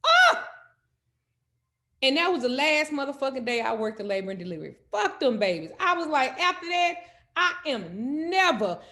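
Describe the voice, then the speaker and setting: A woman telling a comedic story in animated, loud, profane style. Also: high-pitched, a little fast. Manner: animated, loud, cursing freely. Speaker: host.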